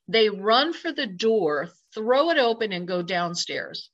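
A woman's voice: medium pitch, sing-song, unhurried, few pauses. A woman telling a personal ghost story in an emphatic, dramatic way, acting out her own exclamations. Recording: slightly dull lo-fi recording.

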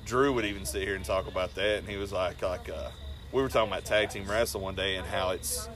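A man hosting a casual talk around a campfire, telling animated stories, swearing freely and laughing as he goes. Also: low voice, fast talker, a crowd in the background. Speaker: podcast host and wrestler. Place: outdoors around a fire.

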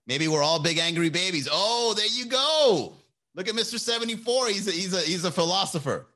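A man's voice: fairly high pitch, animated, fast, pushed and bright. A man hosting a casual live stream, rambling, joking and swearing, and laughing often between lines.

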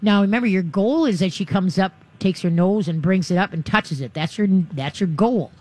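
A woman's voice: mid-range voice, moderate pace, darkish tone. A woman hosting a call-in radio show, coaching listeners on dog training in a chatty, encouraging way, and often acting out voices for owners and dogs.

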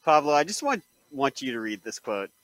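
A man's voice: medium pitch, very animated, a little fast, fairly bright tone, no echo. A man contributing to a casual sports podcast, fired up and ranting.

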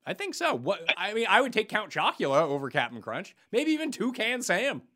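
A man's voice: high voice, huge pitch swings, a little fast, sharp tone. A man hosting a casual chat who teases his co-host with dry humor. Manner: teasing, wry.

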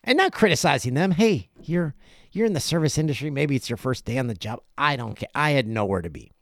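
A middle-aged man hosting a podcast, telling a casual story and acting out other people's lines in quick asides. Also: fairly high pitch, animated, no room sound, studio quality. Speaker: podcast host.

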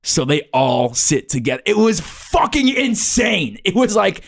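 A man's voice: mid-range voice, animated, moderate pace, dry recording, clean studio sound. A man playing a rambling teen podcast host. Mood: excited. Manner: rambling, full of likes and uhs, gossipy. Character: rambling teenage boy school podcast host. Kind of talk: improvised comedy podcast.

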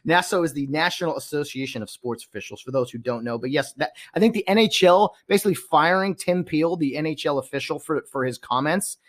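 A man's voice: fairly high pitch, fairly quick, hardly any pauses. A man hosting a sports podcast in casual talk, laughing often, agreeing and asking his co-host questions.

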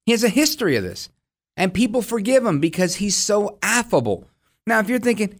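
A man's voice: sits high, very animated, fairly quick. A man hosting a political talk show, giving combative, sarcastic opinion commentary.

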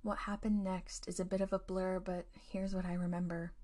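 A woman hosting a storytelling podcast, narrating a scripted ghost tale in a hushed, often near-whispered delivery. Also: lowish voice, flat delivery, moderate pace.

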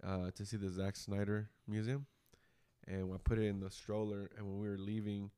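Uomo conduttore animato, voce un po' bassa. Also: male voice, normal speed, clear, resonant tone. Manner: animated storyteller, swears freely, acts out quotes. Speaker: podcast host. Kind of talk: casual chat.

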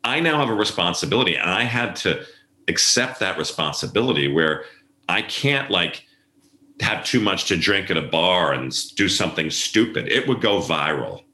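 A man's voice: low-pitched, expressive, moderate pace, bright, forceful tone. A middle-aged man, an event planner, telling stories in a casual interview and acting out the voices of people he quotes. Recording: echoey room.

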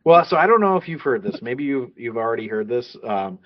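A man co-hosts a laid-back movie podcast, working through trivia notes with plenty of ums and restarts. His voice sits at an ordinary pitch. The sound is dry and close, a little muffled. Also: very animated, a little fast, dry recording. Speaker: podcast co-host. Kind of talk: casual movie podcast chat.

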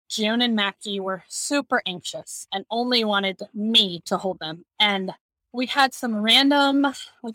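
A woman guest on a podcast who tells a story in an animated way and laughs as she talks. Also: medium pitch, dry recording. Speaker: podcast guest, communications manager. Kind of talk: conversational storytelling.

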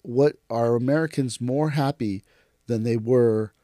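Man hosting a podcast, casual chat, animated, mid pitch, dry close mic. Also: measured pace, no echo. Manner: animated, acts out mocking commenters in sudden high voices. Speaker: podcast host and martial arts teacher.

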